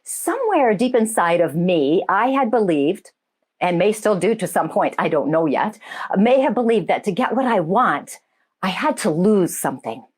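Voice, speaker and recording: A middle-aged woman, a medium and life coach, hosting a casual spiritual talk show, chatting warmly with viewers and laughing easily. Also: medium pitch, very animated, normal speed, slightly rough. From United States.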